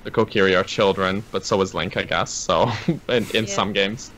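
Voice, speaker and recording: A man co-hosting a casual panel chat. He talks in a relaxed, measured way and often murmurs agreement. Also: sits low, a little hiss or hum, low-quality recording. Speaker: co-host.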